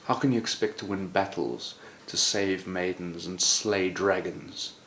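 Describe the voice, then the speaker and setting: A mighty knight in shining armor, scornful and commanding, as a man puts him on. The low voice booms out in slow, drawn-out lines. A roomy echo and faint background noise hang around it. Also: steady tone, a bit bright.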